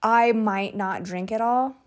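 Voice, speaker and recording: Slow-talking young woman rambling sleepily. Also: a little high. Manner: chatty, rambling, many fillers; relaxed and drowsy, lying down. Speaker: podcast host. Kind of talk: unstructured solo podcast chat. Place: her bedroom at night.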